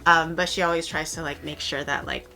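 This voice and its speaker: A young woman streamer chatting casually in a low-key, rambling way, with lots of fillers as she tells stories. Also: fairly even intonation, a little fast, sharp tone, faint music behind. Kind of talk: casual chat.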